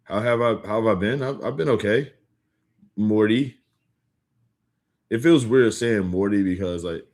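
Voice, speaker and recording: A young man chatting casually with viewers on a livestream, rambling with lots of filler words and quick restarts. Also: fairly low pitch. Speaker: livestream host. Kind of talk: casual live-stream chat with viewers.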